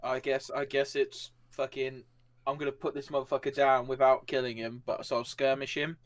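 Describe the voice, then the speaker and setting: A man talks through his character's fight moves in a tabletop game, stopping and restarting with plenty of fillers. His pitch sits in an ordinary middle range. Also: level tone, moderate pace. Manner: rambling, full of fillers. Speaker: player. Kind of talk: describing actions in a tabletop game.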